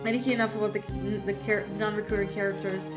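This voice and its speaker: A woman's voice: medium pitch, steady tone, quick pace. A woman streamer chatting while playing, trailing off and hunting for words. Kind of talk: let's-play commentary. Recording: loud game music behind.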